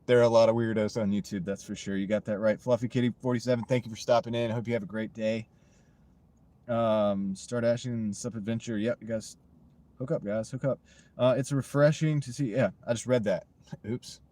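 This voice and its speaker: An American man, a gig-delivery driver, livestreams from his parked car, joking and rambling as he reads out viewer comments. His voice sits lowish and steady, a little fast and warm. A wireless mini clip-on mic captures him with no room sound.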